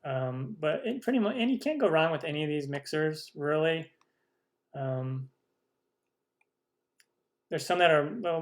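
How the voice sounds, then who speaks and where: A man hosting a live cooking stream, chatty and enthusiastic as he reads out and answers viewer questions. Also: a little high. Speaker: cooking channel host.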